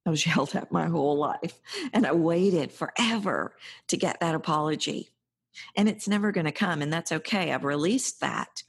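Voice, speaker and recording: Middle-aged female podcast host with a low, breathy voice; earnest and emphatic advice-giver. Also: moderate pace. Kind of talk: advice monologue.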